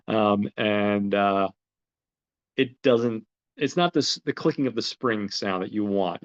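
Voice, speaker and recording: A man hosting a podcast, retelling a film's plot in a rambling, casual way with lots of fillers and swearing. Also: mid-range voice. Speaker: podcast host. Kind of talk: casual film recap. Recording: dull lo-fi recording.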